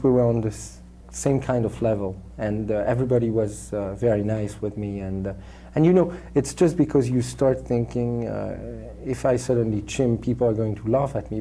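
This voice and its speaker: A man with a French accent, a native French speaker raised in Switzerland, answering interview questions in a halting way with many restarts and fillers. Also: mid-range voice, warm tone, slight background noise. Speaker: actor, interview guest.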